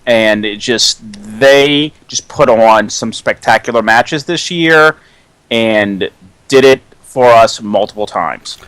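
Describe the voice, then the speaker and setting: A man co-hosting a casual podcast, speaking slowly and deliberately. His voice sounds dry and close, with no room sound. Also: fairly low pitch, a bit bright, smooth, no room sound. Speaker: podcast co-host. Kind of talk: casual wrestling chat.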